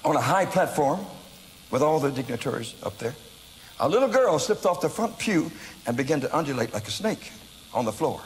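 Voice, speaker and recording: Animated older American evangelist in a hall. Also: male voice, on the high side, moderate pace, a little hiss or hum. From United States. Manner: animated storyteller, bursts into shouts, laughs at himself. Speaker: evangelist preacher. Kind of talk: storytelling sermon.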